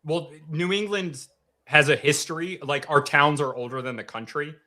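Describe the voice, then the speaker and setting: A man's voice: on the high side, moderate pace, pushed and bright. A man from Connecticut co-hosting a casual podcast, asking question after question. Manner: curious, keeps asking questions. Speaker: podcast co-host.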